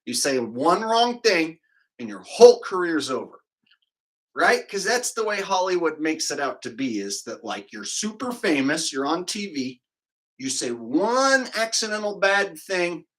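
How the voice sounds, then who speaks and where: A man's voice: fairly high pitch, sing-song, measured pace, rough recording. A man hosting a livestream, hyping the chat with chanted crowd calls and rambling into comic rants. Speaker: livestream host.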